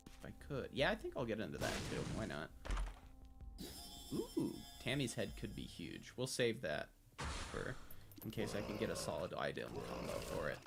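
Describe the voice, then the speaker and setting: A young male streamer reacts to his game live on a close desk mic, and his pitch jumps all over as he gets excited and curses at the screen. The game music plays clearly underneath him. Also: normal speed. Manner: excitable, talks to himself, swears freely. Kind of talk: live gameplay commentary.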